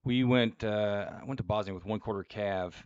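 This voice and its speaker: A middle-aged man with a low voice hosts a podcast in an easygoing, agreeable way, sharing his own service memories. His sound is dull and lo-fi, and the recording is dry and close. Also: a little mellow, clean tone, dry recording. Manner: easygoing, agreeable, quick to laugh along. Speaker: podcast host, military veteran. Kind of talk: casual conversational interview.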